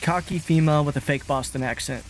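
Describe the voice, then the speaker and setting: A man's voice: fairly high pitch, fast talker, slight background noise. A man streaming a game, chatting casually in a rambling, self-mocking way and swearing freely. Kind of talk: casual gaming commentary.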